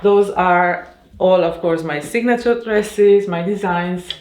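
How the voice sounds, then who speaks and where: A woman's voice: on the low side, slow pace, darkish tone. Hesitant woman designer in a roomy shop. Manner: hesitant, many fillers, emotional storytelling. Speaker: fashion designer showing her shop. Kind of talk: casual guided tour. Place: her small boutique shop, indoors. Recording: roomy indoor sound.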